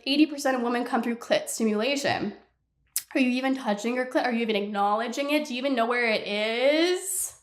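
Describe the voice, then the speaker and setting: Young woman podcast host, blunt and animated, slightly high voice, echoey room. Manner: animated, blunt, swears and laughs often. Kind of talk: casual ranting chat.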